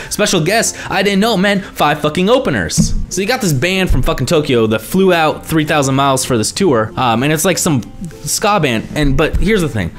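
Animated profane young man ranting. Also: fairly high pitch. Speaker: vlogger. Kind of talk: ranting vlog monologue.

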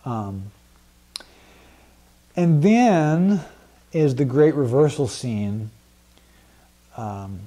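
A man's voice: medium pitch, animated, extremely slow, pauses often, warm tone. A man teaching a Bible study group in a casual, conversational way, with many fillers and frequent questions to the class.

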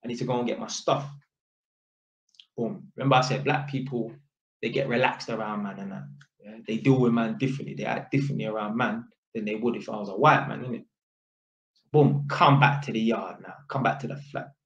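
A man telling a story in a casual, animated way, full of street slang and tag questions. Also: lowish voice, brisk, creaky. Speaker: vlogger. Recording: echoey room, dull lo-fi sound.

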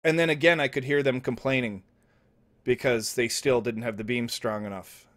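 A young man telling an absurd story in deadpan, rambling comedy style, with restarts and asides, sometimes dropping to mumbles and sometimes rising to loud outbursts. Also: mid-range voice, moderate pace. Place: indoor home setup, streaming.

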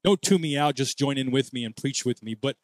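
A man preaching a church sermon, calling for responses from the congregation and leading prayer in drawn-out phrases. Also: medium pitch, no room sound. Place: church sanctuary.

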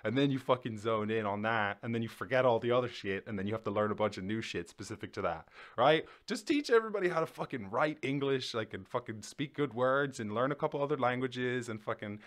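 A man's voice: medium pitch, animated, fairly quick, few pauses. A man hosting a podcast, ranting casually with constant swearing and rambling restarts. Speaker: podcast host.

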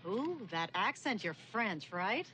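A woman's voice: medium pitch, very animated, takes it slowly, sharp tone, slight background noise, full character voice. An actress playing a flirty New York socialite woman who talks in a chatty, gushing, rambling way. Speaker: acquaintance who bumps into a friend while shopping. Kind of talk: 1990 film romantic comedy acting.

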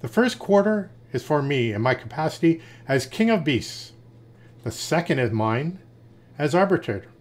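A man's voice: a little high, big pitch swings, moderate pace. A man doing a pompous lion king. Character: proud commanding male lion, king of beasts.

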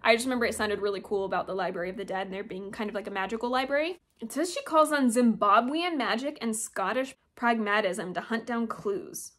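A woman's voice: a little high, brisk, a bit bright. A young woman in a casual book haul vlog, chatty and gushing as she shows off her new books. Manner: gushing, chatty, reads blurbs aloud. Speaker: booktuber.

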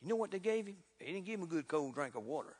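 A man preaching a sermon in a folksy, fervent way, building to loud exclamations. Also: a little high, very animated, very fast, slightly rough. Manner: folksy, repeats "look here". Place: church sanctuary. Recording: reverberant church hall.

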